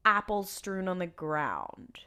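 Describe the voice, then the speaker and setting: A woman's voice: on the low side, huge pitch swings, slow pace, pushed and bright, smooth. A woman co-hosting a podcast, chatting casually with rambling asides and restarts. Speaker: podcast co-host. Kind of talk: casual podcast recap chat.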